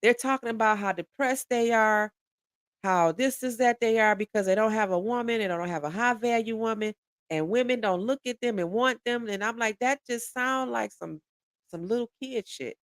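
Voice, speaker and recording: A woman's voice: on the high side, moderate pace, dry recording, studio quality. A woman in her forties giving a candid podcast monologue, blunt and profane, often restarting and repeating words as she presses her point. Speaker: podcast speaker.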